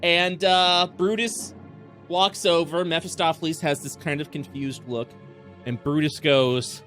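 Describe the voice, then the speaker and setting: A man's voice: on the high side, steady tone, unhurried, pushed and bright, faint music behind. Man rambling as dungeon master. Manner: rambling narration with many fillers. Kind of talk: narrating a tabletop game.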